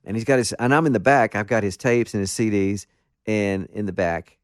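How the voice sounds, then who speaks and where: Guest, male, deep voice, dry close sound, animated self-deprecating storyteller in a casual interview. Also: a little fast, no room sound. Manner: animated, self-deprecating anecdotes with many restarts. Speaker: guest musician.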